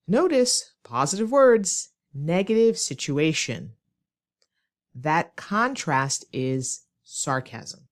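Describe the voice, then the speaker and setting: A woman English teacher, giving a clear, demonstrative lesson and acting out short example lines. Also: sits low, very animated. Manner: slow, clear, demonstrative delivery with acted examples. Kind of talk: scripted ESL lesson.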